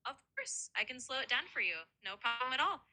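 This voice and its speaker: A woman's voice: sits high, animated, fairly quick, bright, forceful tone, soft background music. A synthetic female voice assistant, upbeat and helpful, explaining things in a chatty tutoring style.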